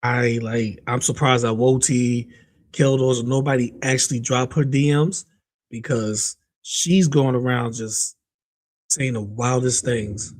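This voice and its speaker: A man's voice: medium pitch, steady tone, slow. A man hosting a live stream, greeting chat viewers by name and chatting loosely about clips, often trailing off mid-sentence. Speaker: streamer host reacting to clips. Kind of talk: casual live-stream commentary.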